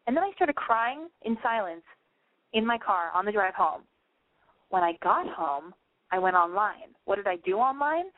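A woman's voice: medium pitch, animated, moderate pace, no room sound. Young woman host rambling and swearing, lots of "like", sounds like an old phone line. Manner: chatty, swears a lot, many likes. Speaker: call-in show host. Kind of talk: casual chat, profane and rambling. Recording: dry tinny phone-like sound.

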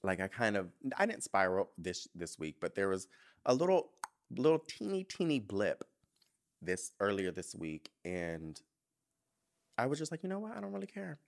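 A young man hosts his show in loose, confessional talk. His voice sits fairly low but swings widely and expressively as he opens up. He swears freely and gets emotional. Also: very animated, a little slow. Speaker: podcast host. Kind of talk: casual confessional chat.

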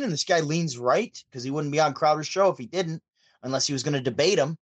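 A man from Syracuse, New York tells a story casually and with energy, jumping into the voices of the people he quotes. His voice sits somewhat high for a man. The recording is dry and close, with no room sound. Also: animated, brisk, dry recording. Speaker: podcast guest, DJ and show host. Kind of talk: casual storytelling over a call.

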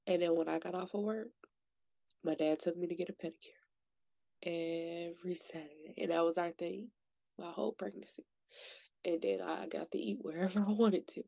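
Woman in her late 20s, frank and emotional storyteller with a fry in her voice. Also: medium pitch, darkish tone, no echo. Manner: candid, emotional, says "like" often. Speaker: podcast guest sharing her story. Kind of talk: personal storytelling.

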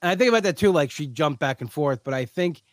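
A man hosting a podcast, chatting casually and animatedly, often acting out scenes in quick put-on voices. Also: a little high, animated, dry recording. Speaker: podcast host. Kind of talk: casual chat.

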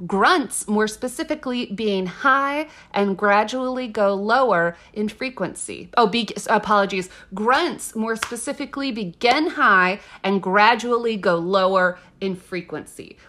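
A woman's voice: medium pitch, measured pace, hardly any pauses. A young woman co-hosting a casual podcast, cracking dry jokes and reacting with delight. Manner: wry, deadpan jokes, animated. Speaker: podcast co-host. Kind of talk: casual chat. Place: New York.

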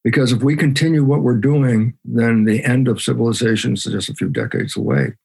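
Gravelly, husky man speaking emphatically. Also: mid-range voice, animated, brisk, darkish tone. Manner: emphatic, acts out his own side of conversations. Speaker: guest, biologist. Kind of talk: animated interview talk.

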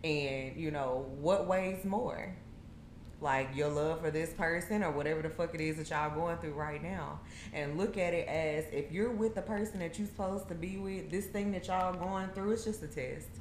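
A woman's voice: deep voice, normal speed. A woman guest in a casual chat, giving blunt, matter-of-fact advice. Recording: echoey room with faint noise.

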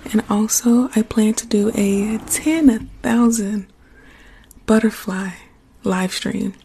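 A young woman with a slightly hoarse voice, chatting softly and affectionately to her stream viewers. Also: mid-range voice, slow. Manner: warm, affectionate, chatty with fillers. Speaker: ASMR streamer. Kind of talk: casual soft-spoken chat to viewers.

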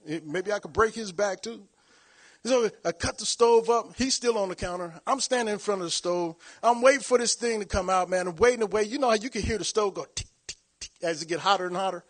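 A man preaches by telling a long, funny personal story. His voice sits high for a man, and he laughs often, breaks into shouts and acts out the voices of the people in it. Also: quick pace. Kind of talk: storytelling sermon.

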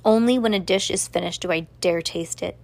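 A woman voicing a gentle, soft-spoken blind male chef in a read-aloud story, slow and measured. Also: fairly low pitch, gravelly, dry recording. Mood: instructive.

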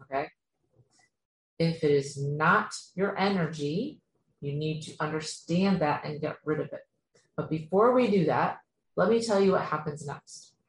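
A woman's voice: sits low, unhurried. A woman giving an earnest spiritual teaching talk, speaking straight to the listener and often checking in with "okay?". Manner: earnest, repetitive, addresses listener directly with frequent "okay?". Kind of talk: instructional talk to camera. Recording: echoey room with faint ambient noise.

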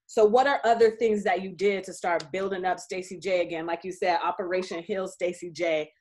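A woman hosts a relaxed interview in an encouraging tone. She asks her guest guided follow-up questions. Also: fairly low pitch, a little fast. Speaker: host. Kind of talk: casual interview.

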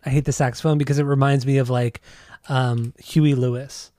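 A man co-hosting a casual music podcast, laid-back and rambling, quick to laugh. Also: medium pitch, little pitch movement, dark tone, no room sound. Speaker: podcast co-host.

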